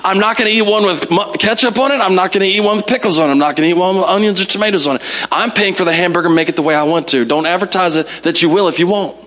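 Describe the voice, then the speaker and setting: A man from the United States preaching a storytelling sermon with a high, bright, forceful voice. He keeps it animated and self-mocking, stumbling over repeated words as he starts his sentences. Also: rapid-fire, few pauses. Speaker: pastor.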